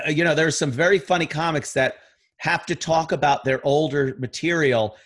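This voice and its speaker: A middle-aged man with a slightly raised pitch talks in a blunt, profane, animated way. He rants loosely and retells scenes with energy, as a guest on a casual podcast. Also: normal speed. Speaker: podcast guest, radio host.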